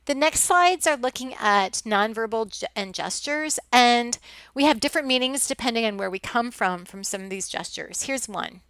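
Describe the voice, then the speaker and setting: A woman from the Midwest, with a Midwestern accent, teaches a class over slides in a loose, chatty way, with frequent ums and false starts. Her voice is a touch high and smooth, and it sounds close and dry, with no room around it. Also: animated, normal speed, a bit bright, no room sound. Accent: Midwestern American. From American Midwest. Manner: chatty, many ums and restarts. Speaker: college instructor. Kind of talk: recorded lecture over slides.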